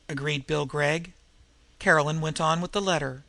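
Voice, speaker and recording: A man reading a western novel aloud in measured, plain audiobook narration. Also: fairly high pitch, steady tone, gravelly, bright, forceful tone, no room sound. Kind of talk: scripted narration.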